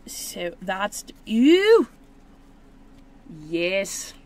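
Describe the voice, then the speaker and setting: A woman chatting casually as she opens trading cards on camera, rambling and mocking herself, with sudden high excited squeals. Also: slow pace. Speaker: channel host. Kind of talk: casual card-opening video.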